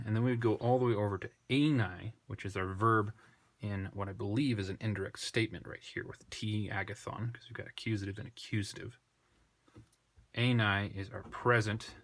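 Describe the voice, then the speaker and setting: A man with a fairly low voice talks through a language lesson at an unhurried pace. He thinks aloud, pauses over his words and corrects himself now and then. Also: fairly bright tone, slight background noise. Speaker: Greek tutor. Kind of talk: unscripted screen lesson.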